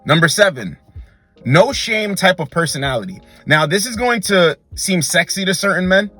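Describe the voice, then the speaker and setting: A man's voice: high voice, big pitch swings, normal speed, pushed and bright, no room sound, faint music behind. A young man hosting a dating advice monologue, blunt and emphatic, repeatedly calling the listener bro. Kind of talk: direct-to-camera advice monologue.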